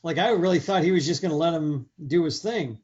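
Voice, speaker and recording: A man's voice: on the high side, fairly quick, a little mellow. A man co-hosting a casual movie review chat, joking and laughing often. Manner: jokey, laughs often, does silly voices. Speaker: podcast co-host. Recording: dull lo-fi audio.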